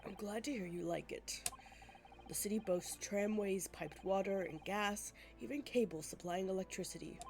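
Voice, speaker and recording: A woman voicing a stern, imposing older male chief justice in a video game, speaking slowly and formally. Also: mid-range voice, a little mellow, faint music behind, lightly acted. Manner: slow, formal and grave.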